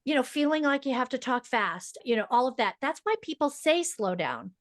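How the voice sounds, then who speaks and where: Fast-talking, emphatic woman, dry sound. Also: high-pitched, sing-song, no room sound. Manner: emphatic, teacherly. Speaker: guest speech-language pathologist. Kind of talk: podcast interview.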